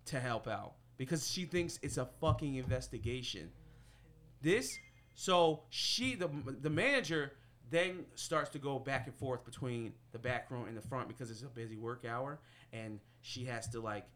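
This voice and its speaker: A young man hosting a podcast, telling a story in casual chat, animated and slangy and swearing freely. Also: mid-range voice, unhurried. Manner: animated and slangy, swears freely, gets loud when outraged. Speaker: podcast host.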